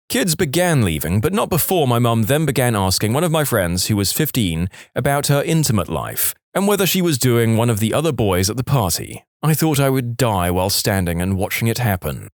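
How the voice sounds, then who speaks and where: Animated male story narrator, dry close mic. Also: medium pitch, fairly quick, hardly any pauses, dry recording. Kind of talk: reading submitted stories aloud.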